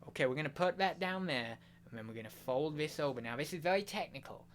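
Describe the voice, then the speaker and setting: A man's voice: fairly high pitch, expressive, slight background noise, lightly acted. A man doing a put-on American accent, playing a mock-serious man explaining step by step how to pack a parcel. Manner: slow, over-explaining, mock tutorial tone.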